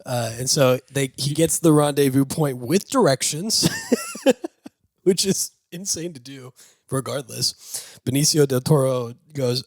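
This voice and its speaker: A man's voice: medium pitch, a little slow, dry recording, clean studio sound. A man co-hosting a casual movie review, retelling scenes with lots of laughter and acted-out lines. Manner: animated retelling, acts out lines, laughs often. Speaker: podcast co-host.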